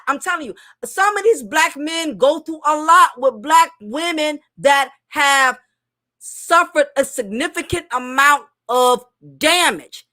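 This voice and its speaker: A woman's voice: high voice, sharp tone. A woman giving a casual, opinionated commentary monologue, emphatic and repetitive, her speech a little thick from recent dental work. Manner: emphatic, opinionated, repeats herself. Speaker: commentary host.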